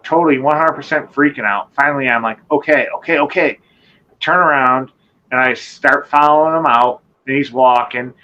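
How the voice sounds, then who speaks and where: Animated man telling a wild story. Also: mid-range voice, dull audio. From Michigan. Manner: animated, rambling, swearing, acts out quotes. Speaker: guest telling an encounter story. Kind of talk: casual storytelling on a live show.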